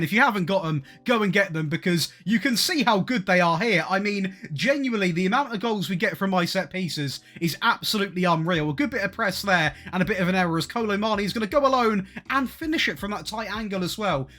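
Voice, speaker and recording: A man's voice: high-pitched, sharp tone. A man with an upbeat, chatty manner, giving video game tactics commentary as a YouTuber. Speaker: gaming YouTuber.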